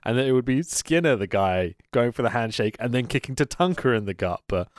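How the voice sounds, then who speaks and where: A man's voice: mid-range voice, animated, a little fast, dry recording, clean studio sound. A man co-hosting a casual wrestling podcast, laughing often and telling stories with lots of expression. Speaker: podcast co-host. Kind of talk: casual chat reviewing wrestling.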